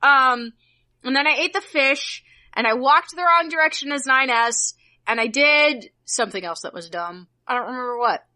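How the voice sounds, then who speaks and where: Bright, excitable woman chatting. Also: sits high, normal speed. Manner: excitable, gushing, lots of fillers. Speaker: podcast co-host. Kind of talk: casual chat.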